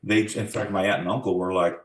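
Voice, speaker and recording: A low-pitched, fairly even voice comes from an American man in his forties giving an oral history interview at a fairly quick pace. He tells family stories reflectively and acts out the quoted lines, and the sound is reverberant.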